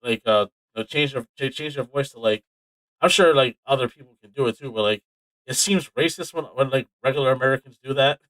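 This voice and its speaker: A man co-hosting a casual podcast, telling stories with animated energy, plenty of swearing and laughter. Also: mid-range voice, brisk, dry recording, low-quality recording. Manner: animated storytelling, heavy swearing, frequent laughs. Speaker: podcast co-host. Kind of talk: casual chat.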